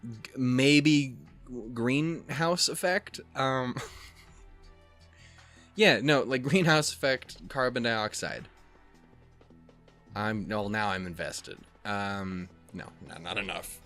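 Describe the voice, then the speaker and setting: A man's voice: on the low side, fairly even intonation, extremely slow, long pauses, fairly bright tone, soft background music. Young man rambling through a visual novel. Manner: rambling, swears a lot, jokes and laughs at himself. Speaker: let's play host. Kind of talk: casual gameplay commentary and reading game text.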